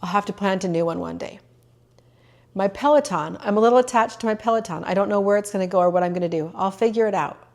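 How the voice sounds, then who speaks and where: A woman's voice: mid-range voice, quick pace, a little mellow. Earnest, emotional middle-aged woman. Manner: earnest, openly emotional, with many fillers. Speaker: podcast host. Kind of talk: personal reflective podcast monologue.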